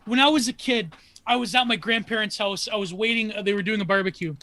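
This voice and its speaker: A man from Canada chatting casually as a stream guest, excitable, swearing and using many fillers. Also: high voice, quick pace, no room sound. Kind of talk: casual chat.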